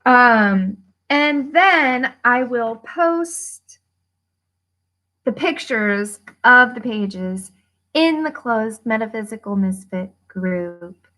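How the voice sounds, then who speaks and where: A woman hosting a casual livestream, chatting with viewers and reading a workbook aloud with lively emphasis, laughing and swearing freely. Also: fairly high pitch, very slow. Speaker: host of a money-mindset livestream.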